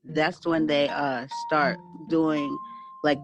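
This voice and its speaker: A woman's voice: low voice, fairly even intonation, slow pace, dull audio, music in the background. A woman hosting a podcast, talking casually with lots of fillers and restarts. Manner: casual, filler-heavy, rambling. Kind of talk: casual conversation.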